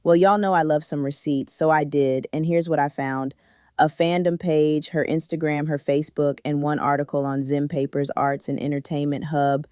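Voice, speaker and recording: A woman's voice: sits low, fairly even intonation, normal speed, darkish tone, clean tone, no room sound, clean studio sound. A woman giving a sassy, slang-heavy reality-show recap commentary. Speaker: recap reviewer.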